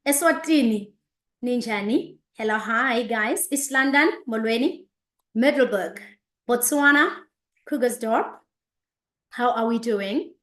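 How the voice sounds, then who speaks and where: A high-voiced woman in her thirties hosts a live online business session, greeting viewers one after another in an upbeat, repetitive flow. Her voice rings with noticeable room echo. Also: measured pace. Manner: energetic, repeats greetings, reads out viewers' locations. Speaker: host of an online business presentation. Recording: echoey room.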